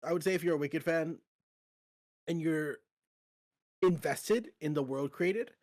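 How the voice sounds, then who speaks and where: Brief: male podcast host, relaxed and chatty, voice a bit higher than most men. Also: unhurried. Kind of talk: casual chat.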